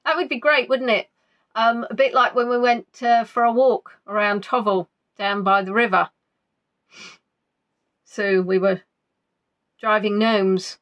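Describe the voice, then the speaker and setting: A woman's voice: medium pitch, fairly even intonation, measured pace, pauses often, fairly bright tone. A woman hosting a casual quiz stream, chatty and playful as she reads out viewers' answers. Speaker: quiz host.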